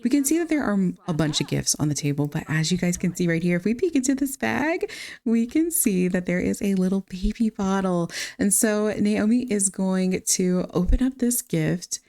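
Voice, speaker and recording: A woman's voice: medium pitch, animated, normal speed, dark tone. A young adult woman narrating a life-simulation game on her channel, chatty and talking straight to her viewers. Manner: chatty, addresses viewers directly. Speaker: gaming channel host. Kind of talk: casual let's-play narration.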